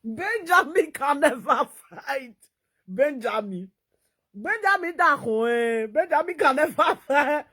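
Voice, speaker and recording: Animated Nigerian woman vlogger. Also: high voice, measured pace. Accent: Nigerian Pidgin English. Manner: animated, laughing often, pidgin asides. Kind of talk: casual commentary vlog.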